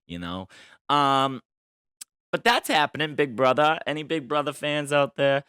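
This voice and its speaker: A man's voice: on the high side, expressive, unhurried, bright, forceful tone, clear, resonant tone, no room sound. A man hosting a solo podcast in a casual, playful style, boasting tongue-in-cheek and chatting loosely about the news. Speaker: podcast host.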